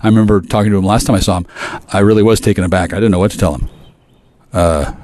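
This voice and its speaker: Man, lowish voice, rambling swear-filled rant to camera, stumbles over his words. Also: fairly even intonation, fast talker, a little mellow. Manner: profane, aggressive, stammering restarts.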